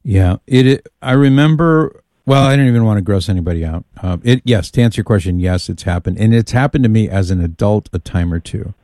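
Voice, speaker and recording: A man's voice: lowish voice, brisk, few pauses, dark tone, no echo, clean studio sound. A man hosting a radio call-in show, trading folksy jokes with callers and his co-host in casual on-air banter. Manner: folksy, joking, takes calls and chats with his co-host. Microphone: studio microphone.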